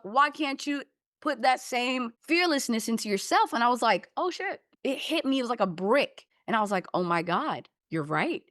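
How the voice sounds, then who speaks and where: A woman's voice: sits high, no room sound, clean studio sound. Candid young woman telling her story. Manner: animated, candid, swears freely. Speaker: podcast guest. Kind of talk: casual storytelling.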